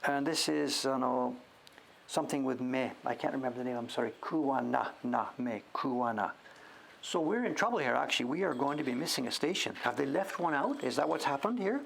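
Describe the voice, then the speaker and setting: Gravelly man musing aloud. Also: mid-range voice, lively intonation, brisk, fairly bright tone, slight background noise. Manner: muses aloud, sounding out names; drops to whispers now and then. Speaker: host. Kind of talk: casual show-and-tell commentary.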